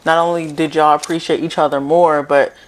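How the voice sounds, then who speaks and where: A woman's voice: low-pitched, level tone, brisk, slight background noise. A woman hosting an interview, supportive, affirming her guests often. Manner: supportive, frequent affirming "mm-hmm". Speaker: podcast host.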